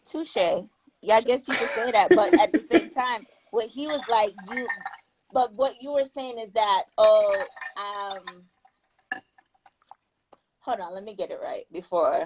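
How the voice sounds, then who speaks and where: A woman's voice: on the high side, slight background noise, poor audio. A woman in a casual podcast debate, challenging and questioning the others. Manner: challenging, questioning, quick to push back. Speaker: podcast panelist.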